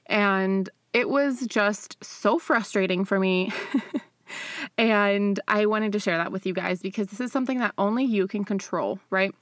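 A woman's voice: mid-range voice, a little slow, no echo. Young woman, podcast host, candid chatty delivery, laughs often, dry close sound. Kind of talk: casual solo podcast monologue.

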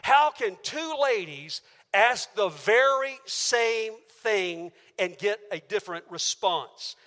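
A man's voice: high voice, lively intonation, takes it slowly, bright, forceful tone, in a large hall. A man preaching a sermon to a church auditorium, emphatic and driving his points home with rhetorical questions. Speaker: pastor.

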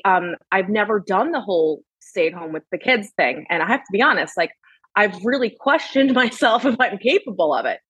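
A woman's voice: mid-range voice, fairly bright tone, husky, no room sound, highs cut off. A woman in her thirties, a podcast guest, talking candidly about motherhood with lots of fillers and casual swearing. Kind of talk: casual chat.

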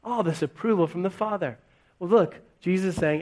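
This pastor has a high, slightly mellow voice and speaks a little fast. Standing before his congregation in church, he preaches in a conversational style full of rhetorical questions.

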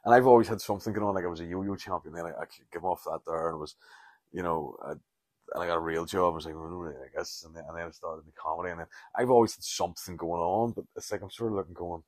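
A man's voice: deep voice, fairly even intonation, fast, darkish tone, no echo. A Northern Irish comedian in his forties, rambling candidly and sweary through a solo podcast monologue, self-deprecating and frank. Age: 40s.

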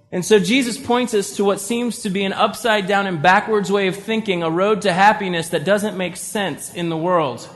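A man's voice: high voice, fairly bright tone. A man preaching a conversational sermon as pastor, acting out inner voices with little sighs. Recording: long reverb of a church hall.

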